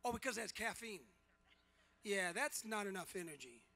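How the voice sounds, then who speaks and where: Loud joking man at a convention panel. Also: high-pitched, expressive, moderate pace, background noise. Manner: joking, teasing, often shouting and laughing. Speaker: celebrity convention panel guest. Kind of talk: loud playful banter with fans. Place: large convention hall.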